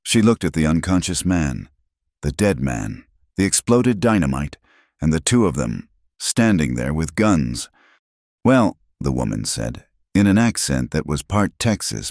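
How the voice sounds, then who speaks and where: Very deep male narrator, steady storytelling, dry close mic. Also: dry recording. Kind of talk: scripted narration.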